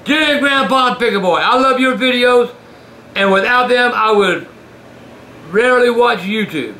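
An older man hosting a show, reading fan mail aloud in casual chat, gruff and given to shouting and cursing. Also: very high-pitched, expressive, a little slow. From Southern US. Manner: gruff, shouts and curses in bursts. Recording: echoey room with faint noise.

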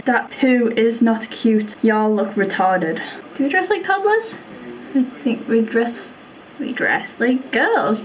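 A woman's voice: fairly high pitch, slight background noise, poor audio. A young British woman chatting casually to camera at home, rambling with lots of "you know" as she answers questions. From Britain. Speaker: vlogger.

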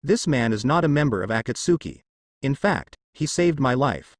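A calm young ninja leader, measured and firm, as a man reads him. Animated pitch, close and dry sound. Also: no room sound, natural voice.

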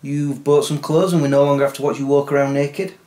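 A man's voice: fairly high pitch, fairly even intonation, fast talker, dark tone. A man chatting casually in a comedy vlog, self-deprecating and chatty. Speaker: vlogger.

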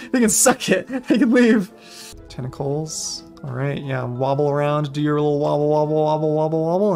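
A man with a high voice streams a video game, chatting casually and playfully. He laughs often and breaks into bursts of exclamation, with faint music underneath. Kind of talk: casual gameplay commentary.

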